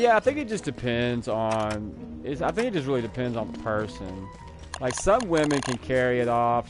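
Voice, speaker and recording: Male streamer, casual rambling chat, mid-pitched voice, talks back to viewers, music behind. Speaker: live streamer.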